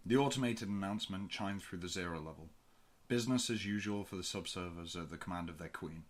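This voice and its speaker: A man reading a science-fiction audiobook in a low, steady voice. His storytelling is measured and even, pausing between phrases. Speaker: audiobook reader. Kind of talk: fan audiobook narration.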